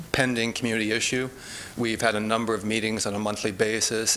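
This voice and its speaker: A man presents an agency report to a board, speaking in a steady, explanatory way and often circling back with "again". His voice sits fairly low but sounds bright and forward. Faint background hum. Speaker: public health officer. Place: meeting room.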